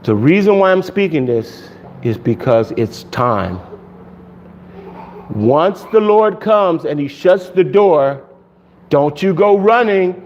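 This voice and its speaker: A man preaching a sermon with a high, bright voice, lively and quick to laugh or shout a word out. The recording sounds muffled and lo-fi, with a faint hiss underneath. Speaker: pastor.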